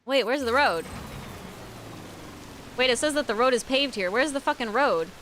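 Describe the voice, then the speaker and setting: A woman streamer chatting casually while gaming, ranting with lots of swearing and sudden loud outbursts. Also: on the high side, expressive, moderate pace, a little hiss or hum. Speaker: game streamer.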